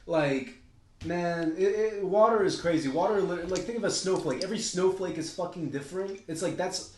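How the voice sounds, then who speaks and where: A man's voice: high voice, moderate pace, darkish tone, slight background noise. A man co-hosting a podcast, talking in a loose, rambling way with plenty of swearing and sudden jumps between ideas. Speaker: podcast co-host. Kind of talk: casual podcast chat. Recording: roomy echo.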